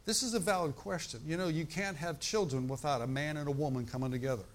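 A man preaching a sermon in a conversational way, often asking his congregation "right?" and "amen?", slowing down to stress scripture. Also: a little high. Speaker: pastor.

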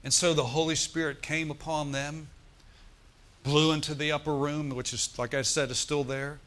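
A man's voice: on the high side, level tone, normal speed, fairly bright tone. A middle-aged male preacher, telling a story and calling out to the congregation in a sermon. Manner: storytelling, asks the congregation for responses.

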